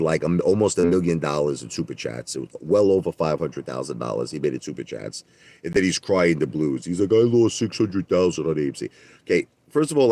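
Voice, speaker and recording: Livestream host, man, very low voice, dry close sound, defensive repetitive ranter. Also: darkish tone, no room sound. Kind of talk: ranting livestream monologue.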